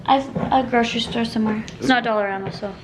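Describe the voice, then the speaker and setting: Woman vlogger, slightly high voice, bubbly and giggly, cooking and chatting at home. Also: steady tone, fast, noisy background. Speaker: food vlogger. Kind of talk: casual chatty vlog. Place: home kitchen.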